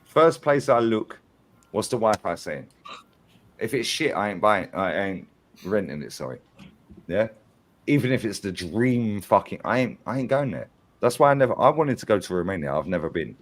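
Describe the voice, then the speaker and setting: A man's voice: on the low side, sing-song, normal speed. A man hosting a casual fan live stream, telling stories bluntly and swearing often. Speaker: fan channel host.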